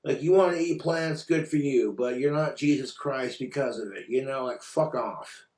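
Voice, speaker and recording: A man's voice: medium pitch, reverberant. A man ranting in a commentary vlog, sarcastic, exasperated and full of swearing. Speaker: commentary vlogger.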